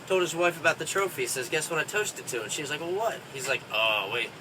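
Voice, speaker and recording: A man's voice: on the high side, animated, fast, recorded from a distance, background noise. A man doing stand-up, telling bar jokes in a folksy way and chuckling at his own punchlines. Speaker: stand-up comedian.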